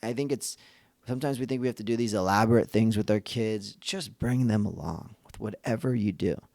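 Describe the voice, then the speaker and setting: A man in his thirties talks through a podcast episode in an earnest, loose way, circling back and restarting his thoughts. His voice sits low with a gravelly edge, and it is recorded dry and close with no room sound. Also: fairly quick, darkish tone, dry recording. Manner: earnest, conversational with frequent restarts. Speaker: podcast host. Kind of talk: casual reflective monologue.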